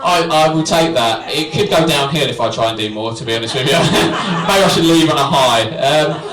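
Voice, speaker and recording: A man's voice: fairly high pitch, expressive, moderate pace. A young man doing a stand-up comedy set, cheeky and self-mocking, chatting with the crowd. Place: small comedy venue with live audience. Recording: roomy, distant, crowd laughter. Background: audience laughing and cheering.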